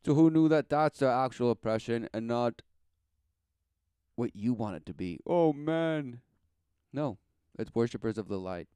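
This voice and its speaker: A man's voice: medium pitch, lively intonation, a little slow, long pauses, dark tone, clear, resonant tone, dry recording. A man giving a rambling, sarcastic, preachy commentary as he reacts to a podcast clip. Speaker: religious commentator.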